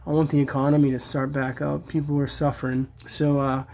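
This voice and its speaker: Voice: mid-range voice, little pitch movement, brisk, darkish tone. A toy collector reviewing action figures in a casual, chatty and enthusiastic way, with many fillers. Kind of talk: casual product review vlog.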